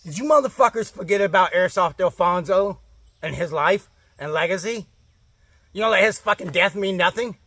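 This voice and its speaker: A man's voice: high voice, moderate pace, fairly bright tone. A man in a comedic rant, angry and profane, swearing constantly and repeating himself. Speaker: comedic ranting character.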